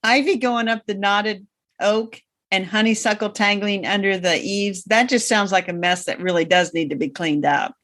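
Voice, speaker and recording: A woman's voice: mid-range voice, normal speed, fairly bright tone. A woman co-hosting a podcast in casual chat, wry and matter-of-fact. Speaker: podcast co-host.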